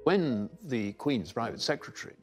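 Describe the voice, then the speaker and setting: A man's voice: mid-range voice, sing-song, moderate pace, faint music behind. Man commenting on royal history. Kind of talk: documentary interview.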